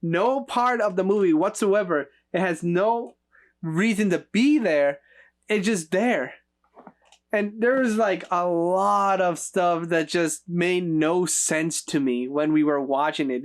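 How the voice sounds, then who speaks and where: Halting man on a podcast. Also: sits high. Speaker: podcast co-host. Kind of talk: casual film review chat.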